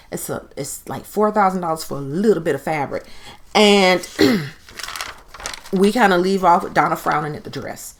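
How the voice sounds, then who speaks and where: A woman recapping a TV show in a casual, chatty way, giving her opinions and acting out quotes. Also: on the low side. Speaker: TV recap host.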